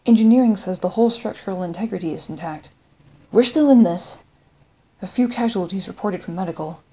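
A woman narrator voicing a dutiful male ship officer giving a loud status report. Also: mid-range voice, brisk, natural voice, low-quality recording. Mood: eager.

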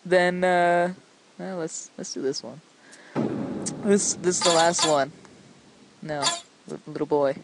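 A woman giving excitable let's-play commentary into a desk microphone, yelling and laughing at the game as she plays. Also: on the low side, takes it slowly, long pauses, noisy background. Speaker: gameplay commentator.

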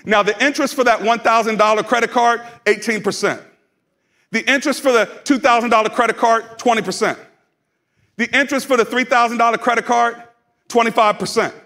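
A man's voice: very high voice, fairly bright tone. A male pastor preaching a sermon in a conversational, humorous way, drawing the congregation into call-and-response. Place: church sanctuary.

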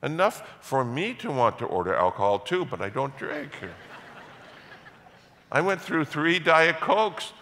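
A middle-aged man preaching a sermon as pastor, telling a story with animated, self-mocking humor. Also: on the high side, unhurried, a little hiss or hum. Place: large church hall. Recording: church hall reverb.

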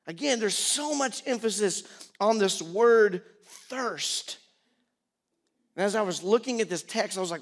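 Higher-voiced middle-aged pastor preaching. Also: male voice, a little slow. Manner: animated preaching, swings from loud pleading to quiet storytelling. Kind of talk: sermon.

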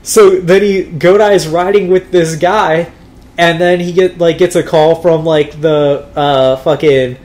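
A man's voice: on the high side, fairly even intonation, measured pace, a little mellow. A man co-hosting a podcast, recapping episodes in a rambling, profane way full of fillers. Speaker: podcast co-host.

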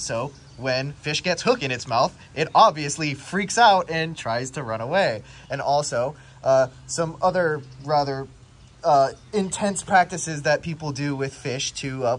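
A man's voice: fairly high pitch, a bit bright. A man talking as a guest in a casual conversation, reflective and thoughtful as he tells his story.

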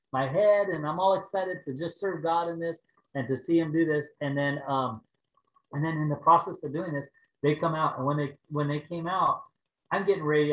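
A man preaching over a video call, telling a personal story in an animated way and raising his voice for the prayers. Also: fairly high pitch, roomy sound, low-quality recording. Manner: animated storytelling, rising to loud exclaims when acting out prayers. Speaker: pastor.

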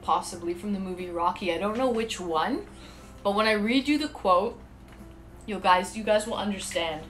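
A woman's voice: medium pitch, moderate pace, soft background music. A woman streaming live, chatting casually and talking straight to her viewers. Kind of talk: casual livestream chat.

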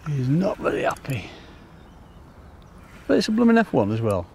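A man giving excitable, casual commentary to viewers while fishing by a lake. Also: medium pitch, moderate pace, vocal fry, slight background noise. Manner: chatty, excitable, talks to viewers as folks. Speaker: angler demonstrating fishing. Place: outdoors by a lake.

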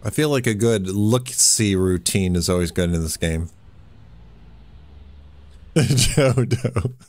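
A man's voice: sits low, moderate pace, a little mellow. A man streaming a horror game, giving laid-back casual commentary and chuckling often.

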